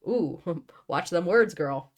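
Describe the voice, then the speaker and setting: A young woman reads a novel aloud and keeps stopping to mock it, blunt and sarcastic, with casual swearing. Her voice sits somewhat low. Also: animated, slow pace. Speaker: host reading a novel aloud. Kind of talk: book reading with sarcastic commentary.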